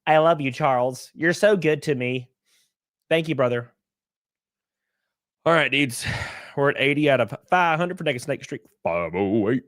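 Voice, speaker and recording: A man's voice: medium pitch, expressive, a little slow, pauses often, a bit bright, dry recording, clean studio sound. A man from California hosting a casual livestream, reading chat and reacting, swearing often and laughing a lot. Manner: profane, laughing, acts out other people's voices. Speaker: livestream host.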